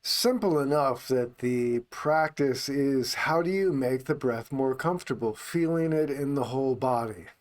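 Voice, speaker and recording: Calm, unhurried male meditation teacher. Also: medium pitch. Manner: calm and unhurried, speaking only on the out-breath. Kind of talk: unscripted guided meditation talk.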